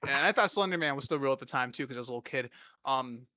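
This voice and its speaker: Young man, podcast host, rapid-fire rambling, crude self-deprecating humor, bright edgy tone, close dry mic. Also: mid-range voice, dry recording. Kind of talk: casual comedic storytelling.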